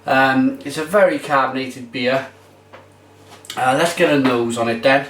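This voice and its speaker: A man's voice: mid-range voice, a little slow, a bit bright, slight background noise. A man giving a casual, enthusiastic beer tasting review. He rambles with fillers as he talks. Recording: roomy echo, mic far off.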